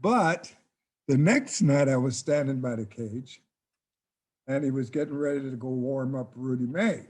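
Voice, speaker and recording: Older man, interview guest, relaxed anecdotal storytelling, mid-pitched voice. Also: unhurried. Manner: relaxed anecdotal telling, reenacts dialogue with "I says". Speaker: interview guest, former ballplayer. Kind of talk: casual storytelling.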